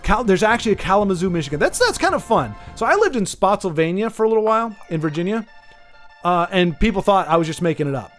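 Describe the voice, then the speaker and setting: A man's voice: high voice, big pitch swings, fast talker, a bit bright, faint music behind. A man streaming a game who rambles and jokes while greeting viewers by name in a casual chat. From United States. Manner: rambling and jokey, talking straight to viewers by name. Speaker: livestreamer talking to chat.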